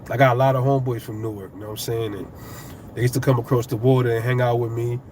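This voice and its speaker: A man's voice: medium pitch, fairly even intonation, quick pace, darkish tone, a little hiss or hum. A middle-aged man with a New York accent, giving loose, profane boxing commentary on his channel, rambling and getting heated. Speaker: boxing YouTuber. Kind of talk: casual fight commentary.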